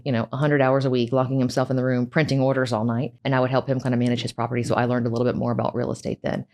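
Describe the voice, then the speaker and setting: A woman's voice: very deep voice, a little mellow. A woman co-hosting a casual interview, chatty and prompting her partner with questions.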